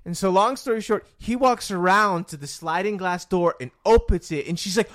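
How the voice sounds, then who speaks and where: A man's voice: high-pitched, fairly quick, hardly any pauses. A man hosting a casual podcast chat, telling stories with lots of laughter and acted-out voices. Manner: animated storyteller, laughs often, acts out voices in anecdotes. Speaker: podcast host.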